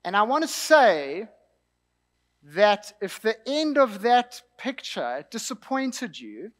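Young South African male preacher, light high tone, relaxed anecdotal delivery. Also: slow pace, big-room sound. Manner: conversational storytelling with asides and light laughter. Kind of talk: sermon.

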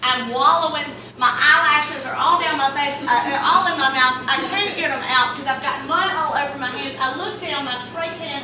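A middle-aged woman with a Southern American accent, telling a comic story to a live audience in an animated, rambling way and acting out the dialogue. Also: sits high, moderate pace, few pauses, crowd noise. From Mississippi Delta, US. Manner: animated, rambling, acts out dialogue with big swings. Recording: far-off, very echoey room with noise.

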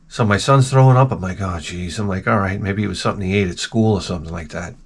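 A man's voice: low-pitched, quick pace, husky. Rambling, profane middle-aged man. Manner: rambling, profane, self-mocking storytelling. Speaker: video host. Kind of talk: casual rambling chat.

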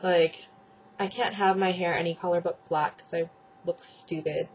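A woman's voice: lowish voice, fairly even intonation, moderate pace, a little hiss or hum. A young woman vlogging casually, chatty and gushing, full of fillers, recorded on a camera's built-in microphone. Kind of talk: casual chat. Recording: dull lo-fi webcam audio.

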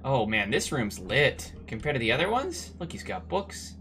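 A man streaming a game with casual, sarcastic commentary that breaks into loud bursts of excitement. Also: medium pitch, normal speed, slight background noise.

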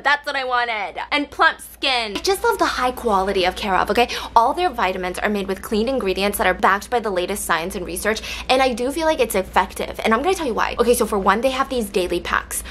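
A young woman vlogger chats to her camera in a bright, slightly high voice, giggly and self-mocking as she jumps from story to story. A faint hiss of background noise sits under her voice. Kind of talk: casual vlog chat with sponsor read.

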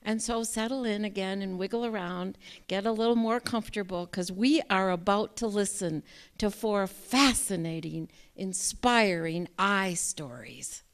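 A woman hosting a live storytelling event, introducing it on stage in a measured, lyrical way with soft dips in volume. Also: medium pitch, clear, resonant tone. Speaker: event host. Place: theater stage.

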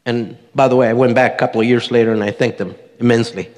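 A middle-aged man talks fast in a steady, mid-range, darkish voice as he gives testimony to a congregation. Earnest in his storytelling, he acts out the voices he quotes, and the church sanctuary lends a long hall reverb.

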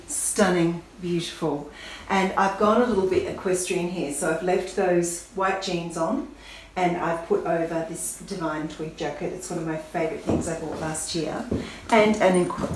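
A woman chatting enthusiastically about styling outfits, explaining each choice as she goes. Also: fairly low pitch. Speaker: fashion vlogger. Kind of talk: casual fashion styling talk to camera. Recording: very echoey room with faint noise.

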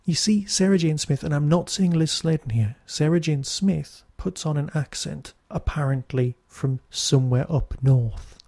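A man's voice: fairly high pitch, moderate pace, creaky, hardly any pauses, darkish tone, no echo. A Newcastle man with a Geordie accent hosting a podcast, reviewing in a chatty, wry, digressive monologue. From Newcastle, England. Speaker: podcast host.

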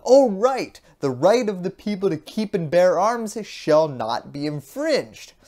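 A woman voicing a pushy, excitable conservative debater who interrupts with mock disbelief. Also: medium pitch, unhurried. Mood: mock-incredulous.

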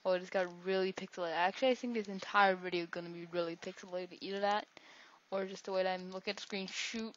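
Gameplay commentator: woman, average pitch, chatty, self-interrupting humor, muffled low-fi audio. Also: steady tone, fast, fairly bright tone, a little hiss or hum. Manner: rambling, jokey, talks to herself. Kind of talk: casual let's-play commentary. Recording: dull lo-fi recording.

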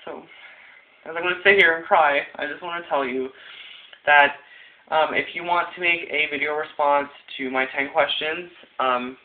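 A young man vlogging casually into a phone, giggly and rambling with lots of fillers. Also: fairly high pitch. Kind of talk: casual tag video chat. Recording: tinny phone-quality audio.

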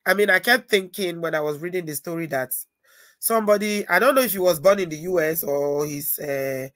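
A woman hosting a live stream, hoarse and stuffy-nosed from a cold, chatting and greeting viewers by name as she talks. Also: fairly low pitch, a little fast, no room sound. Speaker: channel host.

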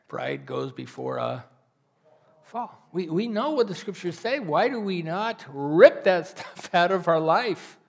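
A man preaching a sermon as a pastor, earnest and pleading, swinging between loud rises and soft, almost whispered drops. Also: fairly high pitch, animated, measured pace, creaky, slightly rough.

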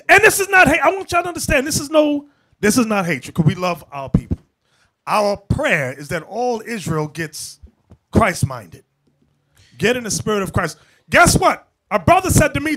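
A man preaching a fiery sermon, talking emphatically and shouting at times as he addresses the brothers. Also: very high-pitched. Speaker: bishop preacher.

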